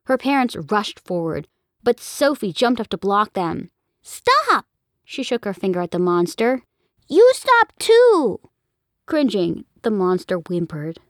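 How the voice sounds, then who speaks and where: Lively woman reading a storybook. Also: medium pitch, normal speed, dry recording, studio quality. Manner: expressive, even storytelling. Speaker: audiobook narrator. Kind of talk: scripted storybook narration.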